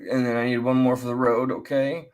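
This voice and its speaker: A man's voice: mid-range voice, flat delivery, a little mellow. A man casually commenting while reacting to a clip, chatty and rambling, with restarts. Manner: chatty, laughs and restarts, drawn-out asides. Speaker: commentary host.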